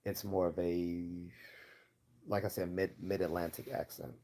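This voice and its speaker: Low, mellow Baltimore man. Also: flat delivery, measured pace. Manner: rambling, many fillers and restarts. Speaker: livestream host. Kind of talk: casual livestream Q&A.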